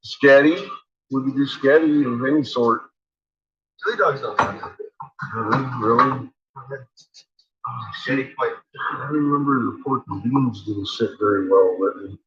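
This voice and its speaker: A man's voice: mid-range voice, measured pace, long pauses, crowd noise. A man chatting casually and teasing at home, joking about dinner and the pets. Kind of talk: casual home video chat. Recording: roomy, distant, dull and noisy home video.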